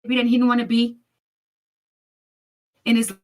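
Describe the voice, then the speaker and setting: A woman's voice: a little high, completely flat delivery, a little slow, mellow. A woman telling a personal family story. She retells it vividly and acts out what other people said.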